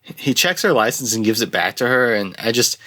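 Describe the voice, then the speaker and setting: A young man hosting a casual film review, rambling and restarting often, with lively jumps into quoted lines. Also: mid-range voice, a little fast. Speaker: podcast host reviewing films. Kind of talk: casual chat.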